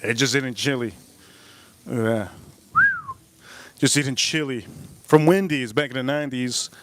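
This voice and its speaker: A man's voice: medium pitch, moderate pace, slight background noise. A man in his forties hosting a live grilling stream, telling a rambling, repetitive story outdoors. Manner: repetitive, animated storyteller who jumps between the tale and the grill. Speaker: live-stream cook and host.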